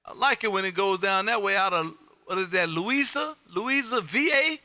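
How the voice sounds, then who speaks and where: A loud, hearty man calls CQ from his home radio room, repeating his folksy phrases. His voice is high and very bright. The sound is completely dry and close. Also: moderate pace, no echo. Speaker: ham radio operator and live-stream host. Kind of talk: calling CQ and chatting with contacts.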